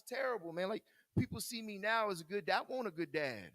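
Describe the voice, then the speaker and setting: A man's voice: high voice, lively intonation, fast talker, fairly bright tone, no room sound. A man telling a personal recovery story to a group in a casual, candid way. He laughs often and repeats words while he searches for what to say. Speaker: speaker in recovery sharing his story.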